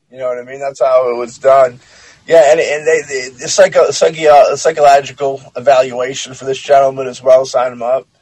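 Dude with a husky voice reading a creepy story then riffing on it, swears a lot, dry close sound. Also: male voice, mid-range voice, darkish tone, dry recording, rough recording. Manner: blunt and joking, swears freely. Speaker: podcast co-host. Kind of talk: casual chat, reading a story aloud.

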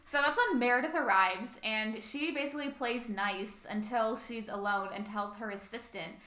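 Giggly young woman recapping a movie. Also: on the high side. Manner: giggly, animated retelling with quick asides. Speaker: podcast co-host. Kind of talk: casual movie recap chat. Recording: roomy echo.

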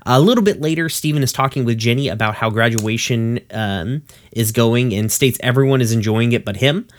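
A man summarizing a cartoon episode for a podcast in a loose, casual way. He drops curses and laughs as he narrates. His voice sits at an ordinary pitch. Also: fairly quick. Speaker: podcast co-host recapping episodes.

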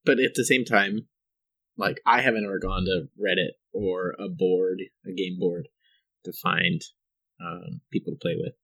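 Deep-voiced man in teasing chat. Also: fairly even intonation, unhurried, gravelly, a bit bright, rough recording. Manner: teasing, laughs easily. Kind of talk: casual chat.

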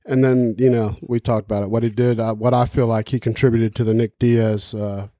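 A man talking on a podcast in loose, profanity-laced rambles, with plenty of emphasis and asides. His voice sits at an ordinary middle pitch. The sound is dry and close, with no room around it. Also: little pitch movement, brisk, mellow, dry recording. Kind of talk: casual podcast chat.

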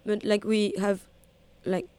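Young French woman with a mellow voice. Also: medium pitch, slow, clean tone. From France. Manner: relaxed, hesitant, fills with "like". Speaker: guest. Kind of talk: casual interview.

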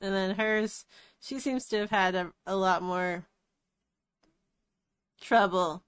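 A woman hosts a loose, casual podcast chat, blunt and deadpan, dropping swear words with ease. Her voice sits in a middle register and sounds dry and close, with no room around it. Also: medium pitch, takes it slowly, smooth, no room sound. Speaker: podcast host.

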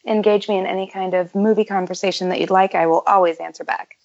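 A woman's voice: mid-range voice, steady tone, fast, creaky, no room sound. A woman guesting on a podcast, chatting casually in a playful, teasing way. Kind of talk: casual chat. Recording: dry, slightly dull lo-fi sound.

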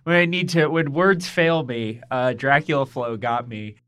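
A man's voice: mid-range voice, measured pace, fairly bright tone, clear, resonant tone. A young man co-hosting a casual chat, wry and profane. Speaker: podcast co-host.

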